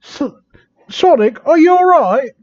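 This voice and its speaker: A man voicing a timid, lovestruck young female hedgehog, speaking high, shaky and anxious, recorded on a dull, dry home mic. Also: lively intonation, extremely slow, a little mellow, soft background music, heavily acted. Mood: frightened.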